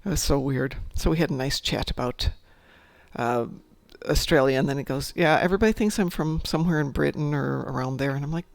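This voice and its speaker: A woman hosting a casual gaming chat, a chatty storyteller who talks in an animated, jokey way. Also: deep voice, brisk, creaky, dry recording. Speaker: stream host.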